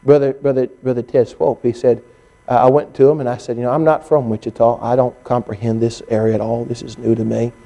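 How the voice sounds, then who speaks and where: A male pastor preaching a sermon, telling stories and acting out what others said to him, often rising to an excited, strained pitch. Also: brisk, vocal fry. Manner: storytelling preacher, climbing to high excited pitch when quoting others.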